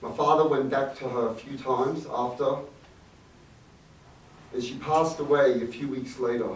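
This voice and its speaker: Distant echoey rabbi telling a story. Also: male voice, medium pitch, steady tone, measured pace. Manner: reflective, warm anecdotal storytelling with Yiddish words. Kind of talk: storytelling speech to an audience. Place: event hall. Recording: echoey room, distant mic, faint noise.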